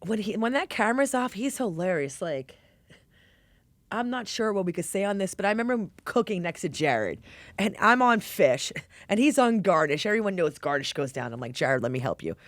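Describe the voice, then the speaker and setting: A woman's voice: mid-range voice, sing-song, normal speed, no echo. A woman tells her stories with brash, streetwise energy. She is a chef talking in an interview. Her voice sits in a middle register and is recorded close and dry. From New York. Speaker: guest chef. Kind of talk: animated storytelling in conversation.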